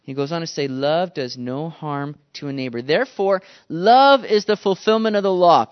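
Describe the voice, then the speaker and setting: Guy preaching a sermon, lively storyteller, muffled old recording. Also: on the high side, moderate pace, smooth. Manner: animated storytelling, acts out quotes. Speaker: pastor.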